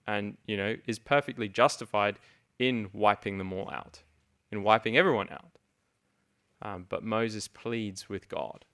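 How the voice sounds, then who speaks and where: A man's voice: on the low side, gravelly, fairly bright tone. A man teaching through a Bible passage, reading verses aloud and explaining them in an earnest, conversational way with frequent restarts. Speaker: preacher.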